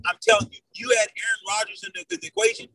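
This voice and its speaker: Heated sports-talk man: high, lively pitch, gravelly edge, slightly distant mic. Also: quick pace, no room sound. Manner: loud, emphatic, repeats "I'm telling you right now".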